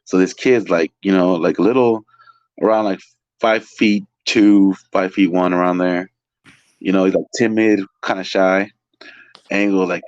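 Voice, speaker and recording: Guest: low-pitched man, animated, profane storyteller, dull lo-fi dry audio. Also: normal speed, no room sound. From California. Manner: animated, swears a lot, lots of "like" fillers. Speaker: guest, restaurant waiter. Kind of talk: casual storytelling.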